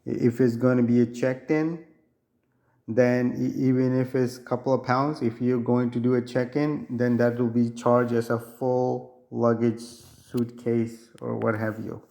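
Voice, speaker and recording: A man talks through a complaint in a casual vlog, his voice still nasal from being sick. He speaks slowly and evenly, with little rise and fall, and often backs up to restart a thought. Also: mid-range voice, flat delivery, vocal fry, dark tone. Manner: halting, with restarts and fillers. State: nasal from recovering illness. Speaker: vlogger.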